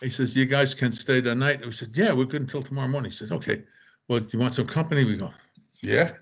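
A man's voice: mid-range voice, fast talker, husky. Older man rambling through anecdotes. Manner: rambling anecdotes with quoted voices and laughs. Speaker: author telling stories. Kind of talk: casual storytelling chat.

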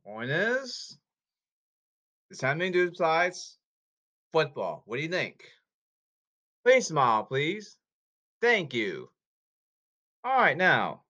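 Lively rambling man, dull lo-fi sound. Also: fairly high pitch. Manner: repetitive, jumps between topics. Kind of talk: casual rambling talk to camera.

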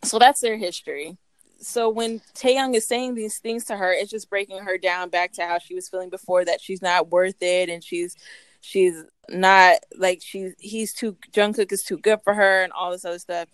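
A woman co-hosting a podcast, casually retelling a story with lively acted-out quotes and frequent laughter. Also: medium pitch, moderate pace, smooth, no echo. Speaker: podcast co-host. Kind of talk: casual story review chat.

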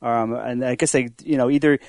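A man's voice: medium pitch, steady tone, fairly quick, no room sound. A man co-hosting a science podcast, explaining news in casual chat and often restarting his words. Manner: hesitant, repeats words. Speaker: podcast co-host.

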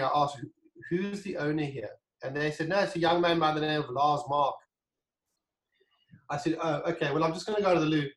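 Animated man, echoey room. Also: fairly high pitch. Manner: animated, acts out quoted dialogue, frequent restarts. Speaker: guest, wine brand founder. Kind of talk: casual storytelling interview.

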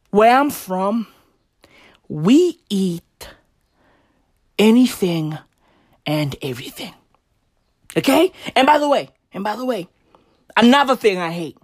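A woman's voice: on the high side, no room sound, clean studio sound. Brash profane woman ranting. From South Africa. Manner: brash, profane, animated, mocking voices. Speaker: comedian. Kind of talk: profane comic rant.

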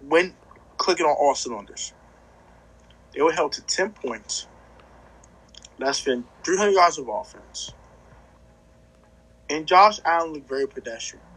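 Husky, high-voiced man trash-talking. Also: measured pace, long pauses, low-quality recording. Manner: animated trash talk, stammering repeats. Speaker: podcast co-host. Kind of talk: casual sports chat.

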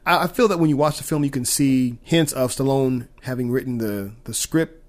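A man's voice: medium pitch, fairly quick. A man co-hosting a filmmaking podcast, talking about movies in an upbeat, enthusiastic way. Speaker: podcast co-host. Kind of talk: casual film chat.

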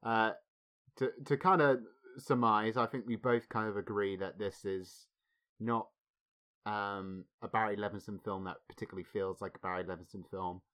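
A man co-hosting a film podcast, speaking in a measured way and chuckling often. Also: fairly low pitch, steady tone, fairly bright tone. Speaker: podcast co-host. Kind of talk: casual film discussion.

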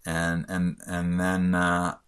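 A man telling a personal story in a halting, emotional way, often stumbling and repeating himself. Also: low-pitched, completely flat delivery, a bit bright, clean tone.

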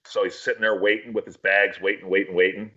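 A man's voice: lowish voice, flat delivery, fast talker, bright, forceful tone, lo-fi sound. A man casually telling a long, profane, rambling story on a podcast.

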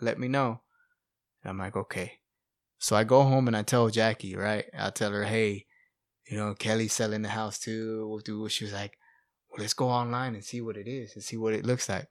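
A man's voice: lowish voice, normal speed, dry recording, clean studio sound. A middle-aged man telling his life story in casual chat, acting out what people said and saying "you know" and "bro" a lot. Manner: animated, acts out quotes, fillers like "you know" and "bro". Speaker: guest sharing testimony.

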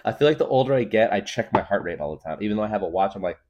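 A man's voice: fairly low pitch, expressive, rapid-fire, darkish tone, highs cut off. A young man hosting a podcast, rambling through a loose, jokey comedic monologue and laughing often. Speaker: podcast host.

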